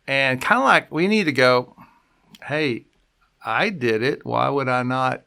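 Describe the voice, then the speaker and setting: A man's voice: mid-range voice, measured pace, vocal fry, bright, forceful tone. A man, a pastor, talking casually in a conversation, rambling with restarts and acting out quotes. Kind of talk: casual conversational podcast talk.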